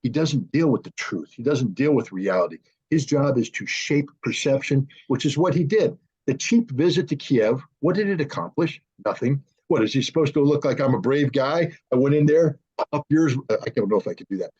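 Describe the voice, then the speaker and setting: A man's voice: medium pitch, animated, brisk, a little mellow, breathy edge. A man giving blunt, emphatic political commentary as a guest analyst on a video call. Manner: blunt and emphatic, mimics politicians in raised voices. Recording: muffled lo-fi call audio.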